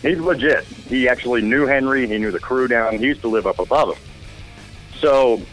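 A man in casual radio chat, telling wild, profane anecdotes with animated energy. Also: medium pitch, normal speed, faint music behind, low-quality recording. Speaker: guest storyteller.

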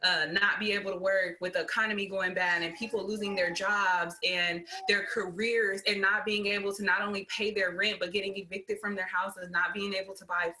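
Bright-voiced woman guest, earnest. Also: mid-range voice, little pitch movement, a little fast, hardly any pauses, a little hiss or hum, low-quality recording. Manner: earnest, keeps asking "right?". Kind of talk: casual chat.

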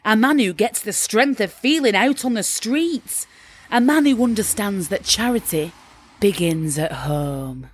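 A woman's voice: mid-range voice, expressive, measured pace, slightly rough. A woman playing a gushing Yorkshire mum. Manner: gushing, breathless, sudden swearing. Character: brash, gushing Yorkshire mother, smug and rude. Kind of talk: comedy sketch monologue.

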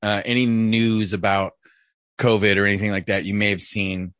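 A man's voice: on the low side, level tone, moderate pace, a bit bright, clear, resonant tone, dry recording. A man hosting a casual podcast chat, talking in a profane, rambling way. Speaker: podcast host.

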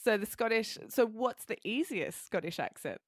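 A woman hosting a show who explains English words clearly and then interviews a guest. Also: fairly high pitch, lively intonation, no room sound. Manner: clear, measured teaching delivery. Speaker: host and English teacher.

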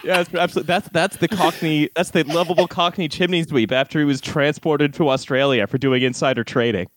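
A man's voice: a little high, steady tone, a little fast, no echo. A man with a Canadian accent, co-hosting a comedy podcast in a profane, exasperated, ranting manner. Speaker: podcast co-host. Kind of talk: casual comedic chat.

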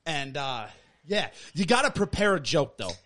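A man's voice: on the high side, big pitch swings, normal speed, sharp tone, slight background noise. A man co-hosting a casual podcast, talking crudely in a rambling way full of "like" and "dude". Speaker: podcast co-host.

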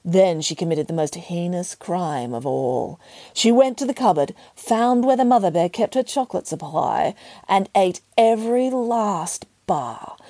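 A woman reading a children's story aloud with a playful, expressive delivery. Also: on the low side, moderate pace, no room sound. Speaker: narrator. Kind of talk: audiobook narration.

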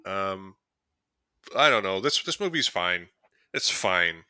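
Laid-back man with a bright, forceful voice. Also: deep voice, very animated, takes it slowly, clear, resonant tone, no echo, studio quality. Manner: laid-back, rambling, frequent fillers and chuckles. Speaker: podcast co-host. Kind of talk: casual movie review chat.

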